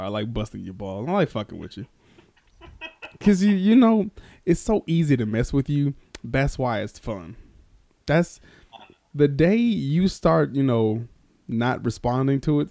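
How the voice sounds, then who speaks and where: A man's voice: mid-range voice, measured pace, vocal fry, long pauses, no echo. A man hosting a casual podcast who teases his co-host, laughs often and tells stories loosely with many fillers. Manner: teasing, animated, laughs often.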